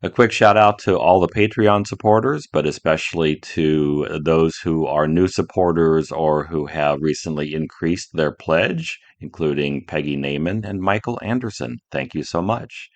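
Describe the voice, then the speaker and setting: A man with an extremely deep voice opens a podcast episode, speaking in a relaxed way that stumbles now and then on fillers. The sound is dry and close, with no room around it. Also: dry recording. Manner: relaxed, a bit halting, with fillers. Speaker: podcast host. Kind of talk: podcast introduction.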